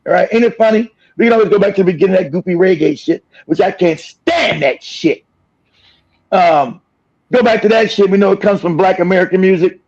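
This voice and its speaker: A man's voice: high voice, brisk, a little mellow, dull audio. A man hosting a livestream, delivering an angry, profane, aggressive rant. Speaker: livestream host. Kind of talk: angry ranting monologue.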